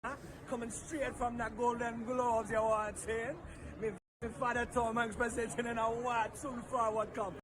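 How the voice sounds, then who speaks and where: A man's voice: extremely high pitch, little pitch movement, moderate pace, background noise. A man in a viral social media clip voicing a showy young man with a put-on Jamaican accent, talking in a sing-song, hyped-up way.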